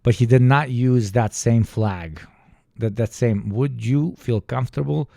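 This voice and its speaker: A man's voice: mid-range voice, a little slow, vocal fry, warm tone, dry recording, studio quality. A young man from the former Yugoslavia giving a casual, profane, ranting reaction commentary and mimicking other people. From former Yugoslavia, Balkans. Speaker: reaction streamer.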